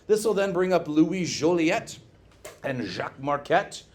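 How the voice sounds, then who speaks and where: A male teacher giving a classroom history lecture, lively and joking, asking the class questions and tagging on "okay?" often. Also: on the high side, unhurried. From Scotland.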